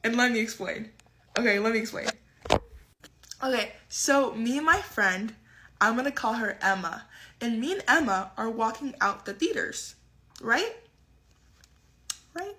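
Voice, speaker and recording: A woman's voice: fairly high pitch, animated, a little slow, long pauses, bright, forceful tone, rough recording. A young woman starting a storytime vlog in a bubbly, chatty way.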